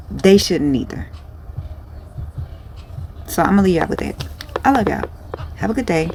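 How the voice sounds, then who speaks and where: A woman's voice: lowish voice, lively intonation, normal speed, pauses often, a little mellow, a little hiss or hum. A woman who sells clothes online, talking in a casual vlog in a rambling, blunt, profane way. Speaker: small online clothing seller.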